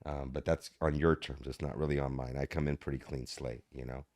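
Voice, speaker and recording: This actor guest on a podcast talks a little fast in a steady, somewhat mellow bass voice. Reflective in manner, he tells stories and performs the voices of the people he quotes.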